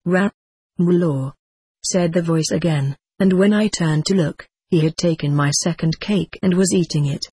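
A reader giving first-person scripted narration of a story in a measured, even manner. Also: mid-range voice, breathy edge, no room sound. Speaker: audiobook reader.

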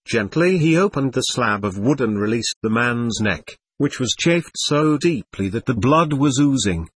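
A man narrating an audiobook in a steady, unhurried storytelling manner. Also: mid-range voice, husky, dry recording.

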